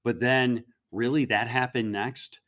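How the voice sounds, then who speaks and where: A man's voice: medium pitch, steady tone, a little slow, a bit bright. A man co-hosting a history podcast, talking things through and drawing comparisons. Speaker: podcast co-host.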